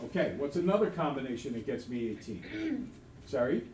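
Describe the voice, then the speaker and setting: A man teaching a math lesson to a class, quizzing students with quick questions in an upbeat way. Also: medium pitch, very animated. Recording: echoey classroom, distant mic, background noise.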